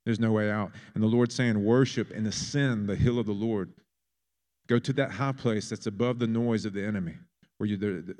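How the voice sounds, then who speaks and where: A man preaching a sermon in a fervent manner, building to loud, emphatic peaks. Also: mid-range voice.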